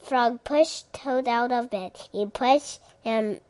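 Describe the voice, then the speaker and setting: A woman reading a children's story aloud slowly and carefully. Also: a little high, a little mellow. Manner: slow, careful.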